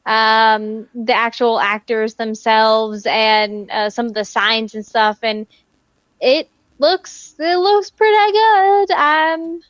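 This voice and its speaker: A woman co-hosting a casual pop-culture podcast, quick and upbeat with short agreeing replies. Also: a little high, little pitch movement, a bit bright, no room sound, lo-fi sound. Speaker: podcast co-host.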